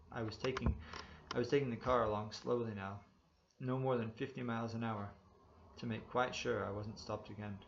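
A man reading a story aloud in steady, measured first-person narration. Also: medium pitch, creaky, slight background noise. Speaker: audiobook reader. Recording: dull lo-fi recording.

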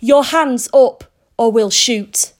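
A woman's voice: a little high, slow pace. A woman doing a metallic hissing robot police car. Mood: commanding. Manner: curt interrogating commands.

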